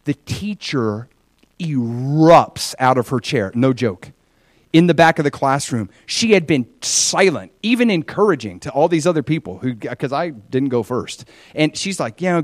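A man preaching a sermon, telling a personal story in an earnest, animated way. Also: on the high side, moderate pace, no echo.

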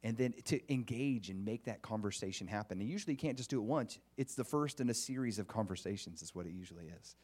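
A man's voice: fast talker, few pauses. A man preaching a conversational sermon, earnest and often putting questions to the congregation, with frequent restarts. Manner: earnest, with restarts and lively pitch swings.

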